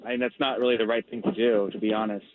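A man calling into a radio show, aggrieved and halting, often repeating himself. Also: on the low side, flat delivery. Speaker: caller on the phone. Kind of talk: phone call on a radio show. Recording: tinny phone line with faint hiss.

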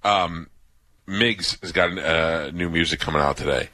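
A man's voice: low-pitched, measured pace, sharp tone, no room sound. A man hosting a radio show, bantering and teasing his cohosts with mock threats.

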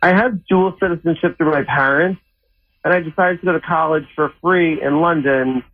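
A man's voice: fairly high pitch, normal speed. A man calling in to a radio show, confessing sheepishly. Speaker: caller. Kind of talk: phone call to radio show. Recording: tinny phone line.

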